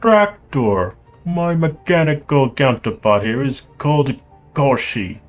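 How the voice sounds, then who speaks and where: A man voicing a pleasant, cultured mechanic with a light Russian accent, polite and measured. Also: medium pitch, animated, faint music behind, pitched above the performer's own voice.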